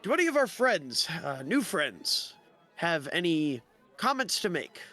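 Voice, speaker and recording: A stiff male leader who talks about himself in the third person, formal and stilted, as a game master puts him on. The voice sits a little high, with soft music behind it. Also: very animated, a little slow, exaggerated voice.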